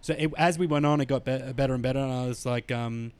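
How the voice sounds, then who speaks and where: A man's voice: mid-range voice, steady tone, fast, darkish tone, clear, resonant tone. A man hosting a podcast, chatty and agreeable, telling stories with plenty of fillers. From Australia. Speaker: podcast host. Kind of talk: casual interview chat.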